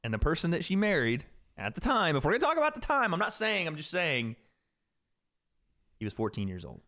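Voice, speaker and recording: A man's voice: fairly high pitch, wildly swooping pitch, fairly quick, pushed and bright. A man co-hosting a casual reaction show, wry and laughing. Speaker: co-host.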